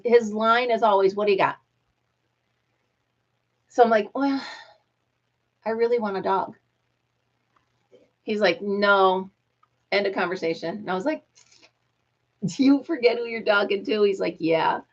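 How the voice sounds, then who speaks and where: Chatty woman on dull lo-fi audio. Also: medium pitch. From United States. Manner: chatty, laughs often, coos to her dog. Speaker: host. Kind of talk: casual chat.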